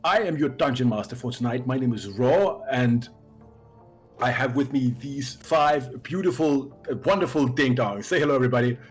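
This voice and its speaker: Man, dungeon master, dramatic storyteller, joking with players, mid pitch, faint music under. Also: moderate pace, husky. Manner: dramatic storytelling intro, playful banter. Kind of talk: hosting a tabletop game stream.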